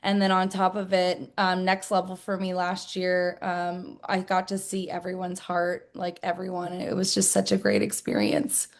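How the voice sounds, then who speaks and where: A woman's voice: lowish voice, moderate pace, hardly any pauses. Earnest chatty woman guest. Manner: earnest, chatty, many fillers like "like" and "I mean". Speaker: guest, network marketer. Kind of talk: interview answers.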